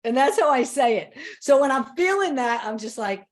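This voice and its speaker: A woman motivational speaker giving an energetic, playful talk on stress and acting out her own self-talk. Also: normal speed. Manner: lowers her voice for a mantra. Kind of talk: live online talk on stress.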